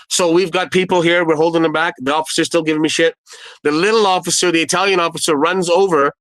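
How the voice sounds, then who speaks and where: A middle-aged man, a former nightclub doorman, casually telling a story with lively quoted dialogue and repeated phrases. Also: fairly high pitch, dry recording, rough recording.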